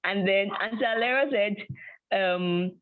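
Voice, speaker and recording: A woman's voice: mid-range voice, a little slow, slight background noise. Woman telling a story over tinny audio. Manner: animated storytelling with frequent laughs and quoted dialogue. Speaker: guest sharing a personal testimony. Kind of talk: storytelling testimony.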